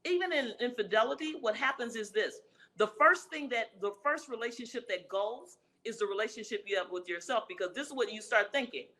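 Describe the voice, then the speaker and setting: A woman's voice: on the high side, expressive, brisk, pushed and bright, low-quality recording. A woman relationship expert answering interview questions in an emphatic, preacher-like way, repeating her key phrases.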